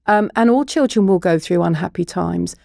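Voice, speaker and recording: A middle-aged woman who works as a child therapist and broadcaster explains things earnestly as a podcast guest, with a science-minded approach. Her fairly low voice has vocal fry, a slightly mellow quality, and a moderate pace, recorded dry with clean studio sound.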